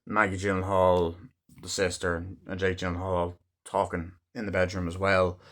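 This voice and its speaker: Low-voiced man for a loose, sweary film review that wanders from scene to scene with plenty of fillers. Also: completely flat delivery, moderate pace, fairly bright tone. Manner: rambling and heavily profane; loosely retells scenes with frequent "like" and "um". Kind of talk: casual movie review.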